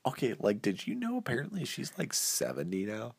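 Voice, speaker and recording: A man's voice: mid-range voice, wildly swooping pitch, brisk, gravelly, breathy edge. A young man hosting a casual podcast chat, playful and laughing often. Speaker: podcast host.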